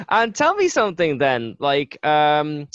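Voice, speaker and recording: A man's voice: on the high side, a bit bright, no echo. A man hosting a casual interview, asking curious questions and laughing easily. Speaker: podcast host. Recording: dry, dull lo-fi sound.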